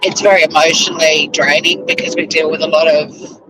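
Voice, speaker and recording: A man's voice: on the high side, flat delivery, brisk. A Tasmanian man with an Australian accent, chatting casually on a live stream as he drives to work, rambling with lots of fillers. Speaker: YouTuber reacting live while driving to work. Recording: faint car road noise.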